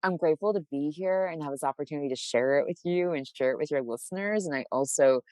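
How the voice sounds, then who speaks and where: A woman from Massachusetts with a faint local accent, chatting as the guest in an interview, bubbly and quick to laugh, with many restarts. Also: low voice, a little mellow, dry recording. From Massachusetts, USA. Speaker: author guest. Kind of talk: casual interview chat.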